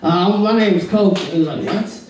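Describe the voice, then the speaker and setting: Stand-up comic from Florida, Southern accent, very high male voice, loose rambling delivery, echoey room, distant mic. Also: normal speed. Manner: rambling, laid-back, keeps saying "bro". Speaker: stand-up comedian. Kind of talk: stand-up comedy set. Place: comedy club stage.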